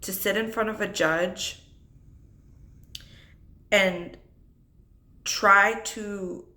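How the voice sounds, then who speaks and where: A woman's voice: mid-range voice, fairly even intonation, very slow, bright, forceful tone. A young adult woman telling an unscripted personal story about her divorce, reflective and holding back tears. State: tearful. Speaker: single mother vlogger.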